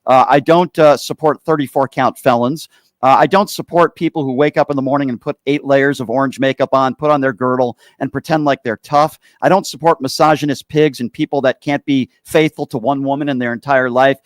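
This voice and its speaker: A man's voice: medium pitch, steady tone, brisk, dry recording. Male call-in host, sarcastic, blunt, dry close sound. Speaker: radio show host. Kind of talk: political call-in show.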